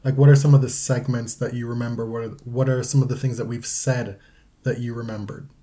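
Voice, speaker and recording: A man with a mellow, warm voice co-hosting a casual podcast. He talks easily with his co-host and slips into a deadpan, theatrical style for a dramatic reading. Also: mid-range voice, brisk.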